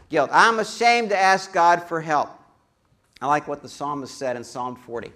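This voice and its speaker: A man preaching a sermon as a pastor, an animated storyteller who acts out quoted voices and adds humorous asides. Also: fairly high pitch.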